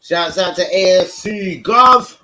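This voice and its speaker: A young man hosting a live football watch-along, excitable, swearing and shouting out his viewers by name. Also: high voice, slow, rough recording. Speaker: football fan channel host.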